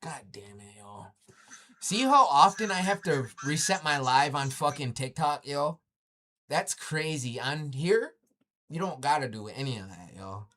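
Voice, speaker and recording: A man's voice: fairly high pitch, lively intonation, unhurried, pushed and bright. Brief: male livestream host, mocking tone, swears freely, laughs between jabs. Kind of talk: taunting livestream chat.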